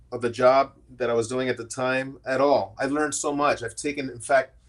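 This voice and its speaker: A middle-aged man with a mid-range voice appears as a guest on a podcast, speaking candidly in a casual interview. He frequently restarts his sentences while telling his story.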